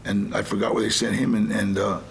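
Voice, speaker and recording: An older man guesting on a talk show tells rambling, casual stories, animatedly acting out other people's lines. His low, creaky voice moves fairly quickly, with a little hiss or hum in the recording.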